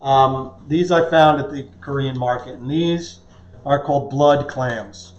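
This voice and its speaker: A man's voice: mid-range voice, fairly even intonation, unhurried. A man hosting a casual cooking demonstration in a kitchen, explaining things in a chatty way with small puns. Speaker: cooking show host. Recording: roomy, dull lo-fi kitchen sound.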